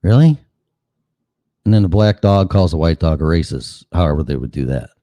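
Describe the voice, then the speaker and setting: A man's voice: low voice, lively intonation, moderate pace, warm tone, no room sound. A man hosting a show, delivering a sarcastic, profane ranting monologue full of mocking asides. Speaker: show host.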